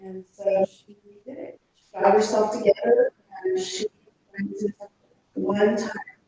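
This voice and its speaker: A woman giving an earnest, reminiscing personal eulogy at a funeral, pausing often with fillers as she speaks from a pulpit. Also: mid-range voice, big pitch swings, warm tone, recorded from a distance. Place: church chapel. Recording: very echoey chapel, speaker off-mic.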